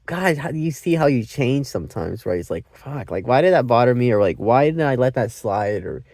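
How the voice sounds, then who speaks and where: A man's voice: mid-range voice, big pitch swings, a little fast, creaky, a little mellow, dry recording, clean studio sound. A man giving a casual, meandering movie review, often restarting his sentences and swearing freely. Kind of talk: casual rambling film review.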